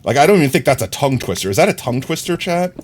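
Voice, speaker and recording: A man's voice: medium pitch, big pitch swings, rapid-fire, slight background noise. A young man streaming a game live, chatting casually, rambling and correcting himself, often breaking into laughter. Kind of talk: casual live-stream chat while gaming.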